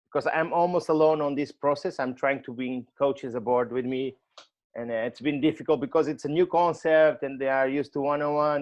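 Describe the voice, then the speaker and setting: A male host whose first language is Portuguese, speaking English haltingly and searching for words. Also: medium pitch, a little mellow, muffled recording. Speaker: gym owner and show host. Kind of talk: conversational interview.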